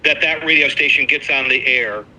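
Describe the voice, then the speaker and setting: Bright-voiced, emphatic man. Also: fairly high pitch, moderate pace, a little hiss or hum, rough recording. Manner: emphatic, sincere. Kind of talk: casual chat.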